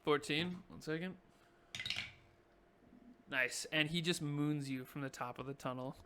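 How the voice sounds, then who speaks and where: A man's voice: a little high, unhurried, sharp tone, a little hiss or hum. A man running a tabletop game as dungeon master, narrating in a laid-back way and laughing often.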